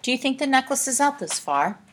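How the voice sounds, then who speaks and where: A woman's voice: fairly high pitch, big pitch swings, a little fast, fairly bright tone, slight background noise, pitched above the performer's own voice. A woman reading aloud and voicing a frightened young girl who speaks nervously, trying to hide a tremble.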